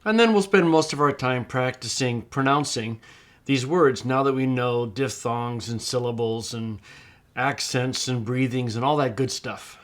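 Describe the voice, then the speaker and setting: A man's voice: mid-range voice, fairly bright tone. Patient man teaching over a screencast. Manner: patient, explains step by step, slows down to model pronunciation. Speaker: Greek teacher. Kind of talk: screencast tutorial narration.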